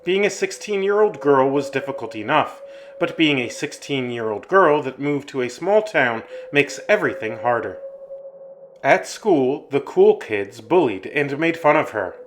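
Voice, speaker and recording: A man tells a scary story in a steady, ominous narrating voice at a middling pitch. His reading is measured and deliberate, with a faint hiss in the background. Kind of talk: scripted horror story narration.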